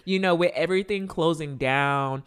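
A woman co-hosting a casual chat, relaxed and quick to laugh, with lots of ums and uhs. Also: deep voice, smooth. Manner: relaxed, laughs often, many fillers.

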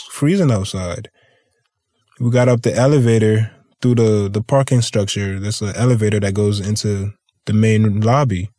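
A man's voice: medium pitch, dark tone, no echo, clean studio sound. A man hosting a podcast, telling stories in a loose, rambling way, swearing freely and laughing often. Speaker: podcast host. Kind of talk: casual storytelling chat.

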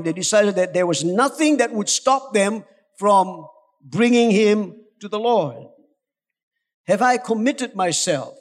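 High-voiced pastor preaching urgently in a hall. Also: male voice. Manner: urgent, exhorting, rising to shouts, coaxing the congregation. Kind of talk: sermon. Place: church hall. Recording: long hall reverb.

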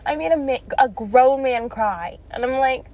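A young woman with a high voice tells a story as a casual rant. She is blunt and swears freely, and she laughs between lines. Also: moderate pace, mellow. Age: young adult. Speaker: vlogger.

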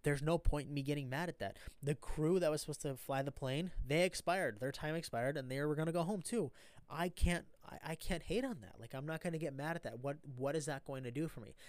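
A man whose voice sits on the high side speaks fairly quickly, with no room sound, as he vlogs from an airport where his flight was cancelled. His motivational monologue about mindset is earnest and meandering, punctuated by repeated "right?"

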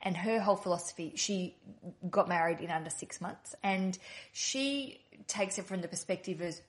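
A woman's voice: lowish voice, normal speed. Casting note: woman, podcast host, rambling and reassuring in casual chat.

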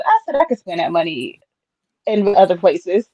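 Female podcast co-host, fairly high voice, chatty and playful, dry close sound. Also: animated, moderate pace, warm tone, dry recording, dull audio. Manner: chatty, laughs often, playful asides. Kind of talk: casual podcast chat.

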